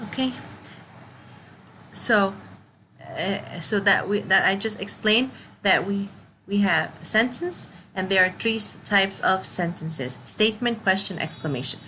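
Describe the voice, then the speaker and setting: A woman's voice: medium pitch, animated, unhurried, pushed and bright, slight background noise, rough recording. Patient woman teaching grammar. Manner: patient, repeats examples and checks with "okay?". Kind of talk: grammar lesson for children.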